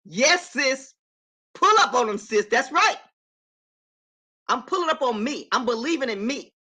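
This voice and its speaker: A woman's voice: high-pitched, lively intonation, measured pace, sharp tone, slightly rough. A middle-aged woman on a casual live stream from her apartment, talking emphatically and affirming herself while greeting viewers by name.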